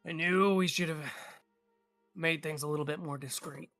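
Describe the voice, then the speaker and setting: A man's voice: a little high, fairly even intonation, moderate pace, fairly bright tone, no room sound, faint music behind. A man voicing an annoyed male half-orc in a tabletop game, speaking in a curt, grumbling way.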